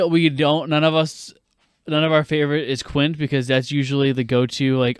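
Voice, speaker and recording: A young man co-hosting a casual film podcast, talking in quick, animated bursts and swearing a lot. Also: on the high side, clean tone, dry recording, clean studio sound. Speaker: podcast co-host.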